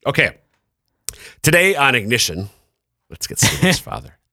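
A middle-aged man co-hosting a podcast in casual chat, playful, laughing often and pausing on fillers. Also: medium pitch, big pitch swings, sharp tone, no echo, clean studio sound. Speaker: podcast co-host.

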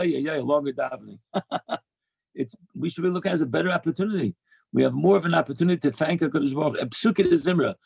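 A man speaks with a high, gravelly voice, earnest and emphatic as he repeats his key phrases. He delivers a heartfelt religious talk, sharing Torah lessons. The sound is dry and close. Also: a little mellow, dry recording.

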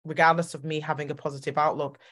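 Animated woman podcast host, lowish voice. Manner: animated, emotional storytelling with quick bursts. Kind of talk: casual interview chat.

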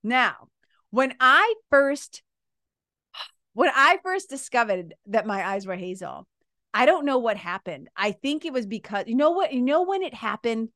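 A woman around fifty, hosting a podcast and telling a story in a casual, animated way. She laughs often and swears freely. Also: on the high side, unhurried, no echo, studio quality. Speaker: podcast host.

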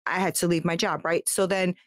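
A woman's voice: lowish voice, fairly even intonation, brisk, no room sound, clean studio sound. A woman, a guest from the United States, telling her life story in a heartfelt, talkative way with many fillers and restarts. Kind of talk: candid personal storytelling.

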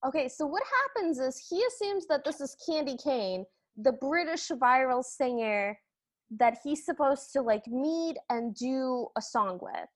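A woman's voice: high voice, expressive, unhurried. A woman co-hosting a podcast, recapping a film in casual chat with a wry, mocking tone. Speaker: podcast co-host.

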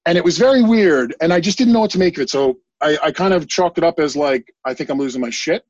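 Man, podcast guest, husky voice, dry close sound, rambling, animated, casual swearing. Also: fairly high pitch, fast talker, dry recording, dull audio. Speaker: guest psychic medium. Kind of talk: casual storytelling in a podcast interview.

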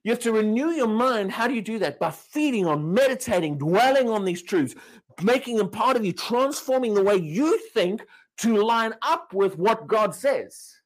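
A man's voice: high voice, sing-song, moderate pace. A man preaching a sermon, emphatic and questioning, repeating and restarting words as he drives his points home.

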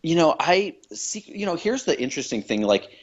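A man's voice: fairly high pitch, sing-song, normal speed, lo-fi sound. A man talking as a podcast guest, thoughtful and reflective, with many fillers and restarts. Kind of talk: reflective conversation.

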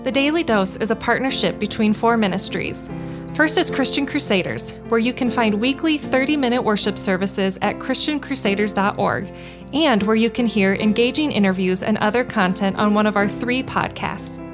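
Woman announcer with a slightly high voice, giving a clear, steady scripted outro over music. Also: moderate pace. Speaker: podcast announcer.

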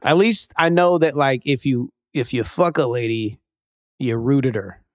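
A man's voice: medium pitch, unhurried, no echo, studio quality. A man co-hosting a podcast in casual banter, laughing often and swearing casually. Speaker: podcast co-host.

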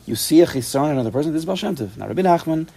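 Guy teaching a torah class, talks fast and kinda gravelly, repeats himself a lot. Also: a little high, slight background noise. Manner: animated, repeats and restarts, Hebrew and Yiddish terms. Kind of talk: informal Torah study class. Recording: recorded in a study room for a tape.

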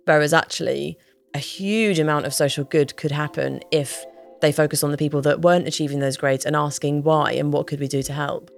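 A woman's voice: sits low, fairly even intonation, a little fast, vocal fry, soft background music. A woman co-hosting a podcast in casual chat, chatty and easily amused. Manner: chatty, warm-humoured, laughs easily. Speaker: podcast co-host.

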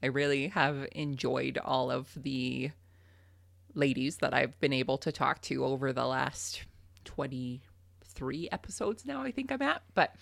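A woman's voice: a bass voice, unhurried, creaky, dry recording. A young adult woman from Canada, a farmer and podcast host, telling a funny story in casual chat and laughing often.

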